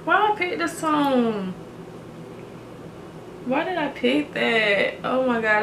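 A woman's voice: high voice, animated, takes it slowly, vocal fry, a bit bright, roomy sound, slight background noise. A woman in her thirties talking casually in a reaction vlog, emotional and rambling, choked up and holding back tears. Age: 30s. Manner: emotional, rambling, with many fillers. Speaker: reaction vlogger.

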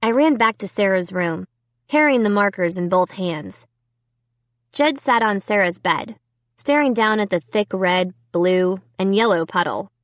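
A woman's voice: medium pitch, a little slow, no echo. A woman giving a scripted first-person audiobook narration.

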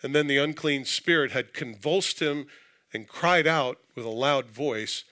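A man preaching to his congregation in a church, his voice bright and forceful. He reads scripture and then breaks into casual, joking asides. His delivery stays conversational throughout. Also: mid-range voice, a little slow. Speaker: pastor. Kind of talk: sermon. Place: church sanctuary.

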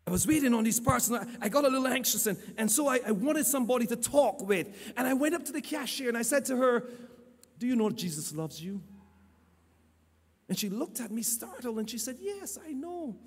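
High, husky preacher in a reverberant church. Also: male voice, fast talker, few pauses. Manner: stammers and repeats words, animated. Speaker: lay preacher and church teacher. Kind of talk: storytelling sermon. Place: church hall. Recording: long church hall reverb.

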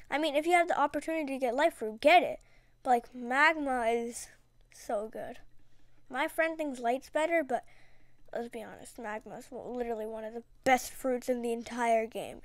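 High, dry-voiced chatty gamer woman. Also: dry recording. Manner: chatty, dramatic, slangy, rambling. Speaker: gaming video creator. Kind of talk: casual gameplay commentary.

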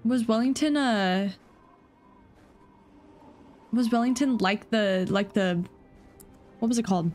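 Excitable, foul-mouthed woman reacting to a game. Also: fairly high pitch, slow, long pauses, faint music behind. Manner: excitable, swears freely, thinks aloud. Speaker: gaming reaction streamer. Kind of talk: casual reaction commentary.

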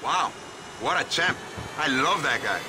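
An actor playing a wry, street-smart young bodyguard in a video game, talking casually and mockingly. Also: male voice, on the high side, lively intonation, a little slow. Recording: heavy noise from game audio.

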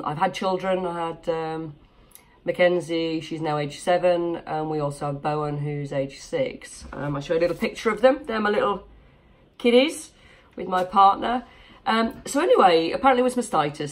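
Chatty woman in her forties from Yorkshire. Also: low voice. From Yorkshire, England. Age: 40s. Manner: candid, chatty and lightly joking. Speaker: vlogger. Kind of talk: personal storytelling to camera. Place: home office.

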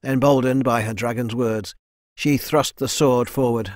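Reading a scripted fantasy audiobook, a medium-pitched male narrator keeps his storytelling even and measured. The recording is dry and of studio quality.

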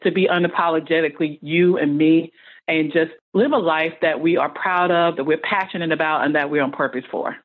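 A middle-aged woman talks in an earnest, motivational way, stacking up emphatic lists. Her voice sits fairly low. The sound is thin and tinny, like a phone call. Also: fairly even intonation, brisk. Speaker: guest, speech-language pathologist. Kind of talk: podcast interview.

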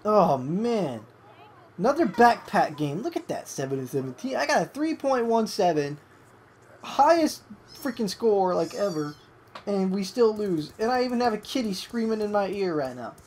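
A young adult gamer giving excitable live commentary over a match, swearing at opponents and coaxing a pet between plays. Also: mid-range voice, moderate pace, a little hiss or hum.

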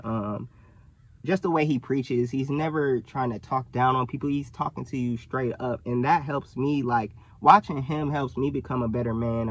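A young man, talking casually to camera in an animated way, full of fillers and self-corrections. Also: medium pitch, highs cut off. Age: young adult. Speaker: vlogger. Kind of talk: casual direct-to-camera talk.

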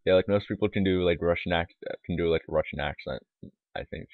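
A man's voice: low voice, quick pace, no room sound. A man giving casual, rambling let's-play commentary, mumbling asides with lots of fillers, on a tinny, lo-fi mic. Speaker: gaming YouTuber. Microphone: desktop microphone.

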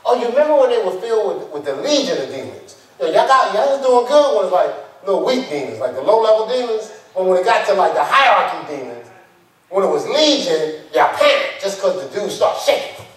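Echoey, high-voiced male preacher. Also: brisk. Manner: conversational, animated storytelling with slang. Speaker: pastor. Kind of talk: sermon. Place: church. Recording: echoey church hall from far off.

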